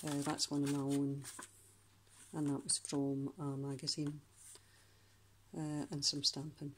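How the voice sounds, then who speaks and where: A Scottish woman doing a casual craft flip-through of a handmade journal, chatty and rambling, often pausing to search for words. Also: low voice, monotone.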